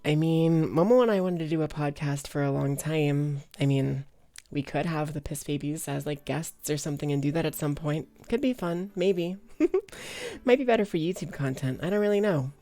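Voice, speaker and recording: A woman's voice: low-pitched, moderate pace, mellow. A young woman with a slight Valley Girl accent, chatting casually with her live stream viewers, bubbly and giggly as she greets them by name.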